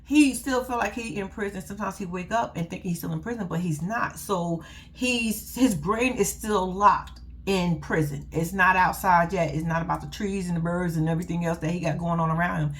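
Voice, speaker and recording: A woman's voice: lowish voice, normal speed, slight background noise. A young woman, giving a blunt, sassy, profane casual recap with laughing asides. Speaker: reality TV recap host.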